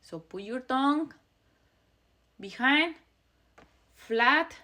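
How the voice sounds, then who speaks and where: A woman teaching Spanish pronunciation, repeating each sound slowly as she demonstrates it. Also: high-pitched, animated, noisy background. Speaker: language teacher. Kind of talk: pronunciation lesson.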